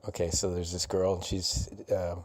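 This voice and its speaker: Deep-voiced rambling podcast man. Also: little pitch movement, moderate pace. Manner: rambling, mumbling, profane. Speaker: podcast host. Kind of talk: casual solo podcast chat.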